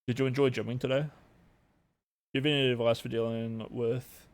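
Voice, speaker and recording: Gravelly young man rambling on stream. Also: medium pitch, little pitch movement, fairly quick. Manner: rambling, heavy swearing, many fillers. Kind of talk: casual live-stream chat.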